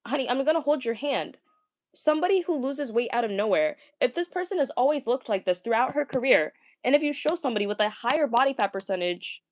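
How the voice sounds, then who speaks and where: A young woman talking casually, ranting to viewers, stammering and repeating words, with a fairly deep voice for a woman. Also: expressive, fast talker, a little hiss or hum. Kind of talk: casual rant.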